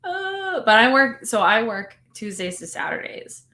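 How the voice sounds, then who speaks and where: A woman's voice: medium pitch, moderate pace, bright, forceful tone, a little hiss or hum. A woman co-hosting a casual livestream, tossing in wry jokes and quips. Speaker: livestream co-host.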